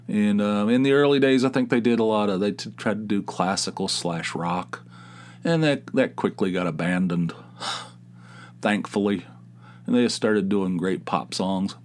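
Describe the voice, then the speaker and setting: A man in his fifties hosting his own podcast, talking alone in a rambling, jokey way and often correcting himself. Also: lowish voice. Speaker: podcast host. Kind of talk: casual solo podcast monologue.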